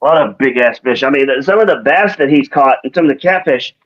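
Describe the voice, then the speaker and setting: A man's voice: mid-range voice, fast talker, fairly bright tone, dull audio. A man co-hosting a live stream in a rambling, casual way, with many restarts. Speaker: co-host.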